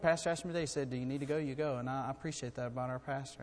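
A middle-aged man preaching a sermon in a church, earnest and building to loud, urgent storytelling. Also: mid-range voice, fairly even intonation, racing. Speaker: guest preacher. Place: church sanctuary. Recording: long hall reverb.

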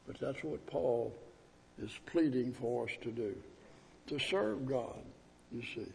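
A man preaching a sermon as pastor, pleading and emphatic, drawing out scripture verses slowly. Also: medium pitch, creaky, darkish tone, slightly rough. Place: church sanctuary. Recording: echoey hall with long reverb.

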